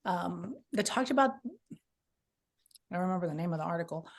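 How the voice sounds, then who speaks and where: A woman's voice: lowish voice, lively intonation, a little fast. Earnest rambling woman telling her story. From Southern California. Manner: earnest, rambling, many restarts and fillers. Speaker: author guest. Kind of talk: personal testimony in an interview.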